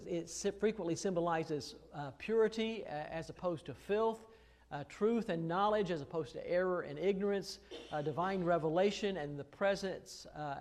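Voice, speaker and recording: A man's voice: a little high, darkish tone. A man preaching an expository sermon in a conversational way, with many fillers and restarts, pressing hard on key phrases. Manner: rises to emphatic stress on key phrases. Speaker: pastor.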